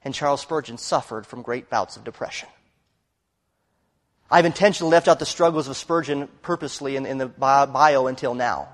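A man preaching a sermon, telling a story earnestly and rising to loud emphasis. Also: mid-range voice, in a large hall.

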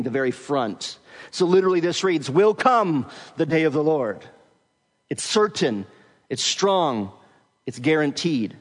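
High-voiced male pastor in a reverberant hall. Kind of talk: expository sermon.

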